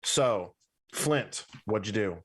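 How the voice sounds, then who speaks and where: A man running a tabletop game as game master, narrating scenes in a slow, deliberate way. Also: fairly low pitch, lively intonation, a bit bright, slightly rough.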